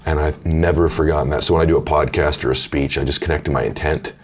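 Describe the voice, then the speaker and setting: A middle-aged man with a deep voice, telling personal stories candidly and earnestly in a conversation. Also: fairly even intonation, fast, noisy background. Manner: earnest, emotional, quotes others in his own voice. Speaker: podcast host and author.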